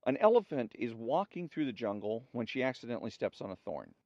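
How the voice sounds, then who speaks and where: A man with a voice of average pitch reads jokes aloud as a show's host. He tells them in a relaxed storytelling way and acts out the lines. The recording is dry and somewhat dull. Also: brisk, no echo.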